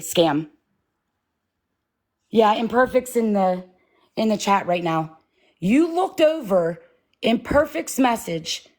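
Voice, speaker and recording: Nervous and shaky, a livestream host speaks in a slightly mellow mid-range voice. She's blunt and confrontational, and she swears freely.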